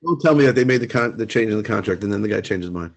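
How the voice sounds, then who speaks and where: A man co-hosting a podcast who jumps in with quick, plainspoken questions and tells his own story. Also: lowish voice, animated, vocal fry. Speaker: podcast co-host. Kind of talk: casual chat.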